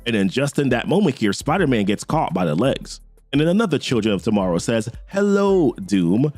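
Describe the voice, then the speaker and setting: Lively slangy man recapping comics. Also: medium pitch, quick pace, faint music behind. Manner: slangy, conversational, lively delivery. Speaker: comic book recap host. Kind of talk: casual comic recap narration.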